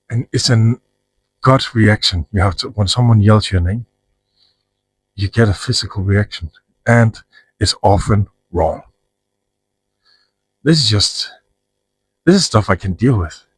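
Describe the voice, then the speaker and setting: A man's voice: fairly low pitch, takes it slowly, long pauses, slightly rough, no room sound, low-quality recording. A man talking frankly about his own life in a rambling, profane monologue with frequent restarts. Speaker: vlogger. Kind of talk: personal monologue to camera.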